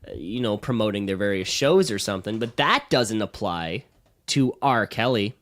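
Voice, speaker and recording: Young man, podcast co-host, rambling delivery, frequent fillers, animated pitch. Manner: rambling, halting with many fillers, lively swings in pitch. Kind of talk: casual comedic chat.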